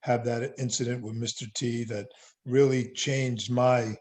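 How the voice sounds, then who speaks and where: Older American man, actor guest, easygoing and self-mocking, quick laughs. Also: medium pitch. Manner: relaxed, self-deprecating, laughs often. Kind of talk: casual interview chat.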